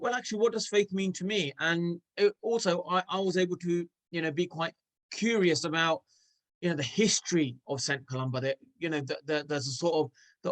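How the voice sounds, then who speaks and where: A man's voice: fairly high pitch, low-quality recording. A man who is a former cricketer, a guest in a casual interview, speaking hesitantly with many restarts and fillers.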